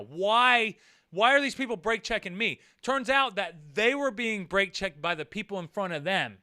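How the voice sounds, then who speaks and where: Man, vlogger; high, smooth voice; profane, animated storyteller. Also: normal speed. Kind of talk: casual storytelling vlog.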